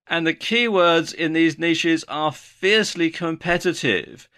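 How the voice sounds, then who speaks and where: A man's voice: fairly high pitch, a little slow, pushed and bright. A man giving a video lesson on online marketing, explaining in a mildly sardonic way.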